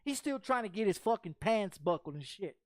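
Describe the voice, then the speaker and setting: A man's voice: high-pitched, lively intonation, fairly quick, dry recording, studio quality. A man telling a personal story in casual chat while streaming a game, profane and rambling with frequent repeats.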